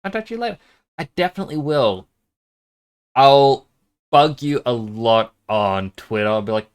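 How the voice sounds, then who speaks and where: A man's voice: mid-range voice, lively intonation, moderate pace, pauses often, smooth. A man streaming a game, chatting casually, rambling and self-conscious, sometimes dropping to a whisper while testing his microphone.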